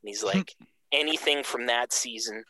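A man from Canada telling a casual story with animated energy, acting out the voices of the people in it. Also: mid-range voice, moderate pace, no echo, poor audio. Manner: animated, acts out quoted voices.

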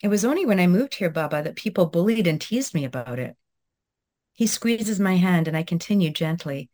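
A woman in her thirties, a guest talking reflectively in an interview with many pauses and restarts, then reading her own essay aloud. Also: fairly low pitch, animated, a little mellow. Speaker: guest author.

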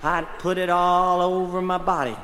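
A man's voice: high voice, level tone, moderate pace, sharp tone. A man from Texas telling a rambling comic story on a concert stage, folksy and full of asides. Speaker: folk singer and storyteller. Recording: live hall with long reverb, faint music.

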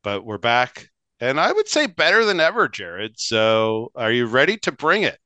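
A man's voice: medium pitch, big pitch swings, normal speed, bright, forceful tone, no echo. A man, co-hosting a casual hockey podcast in a rambling, chatty way, often laughing. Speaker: podcast co-host.

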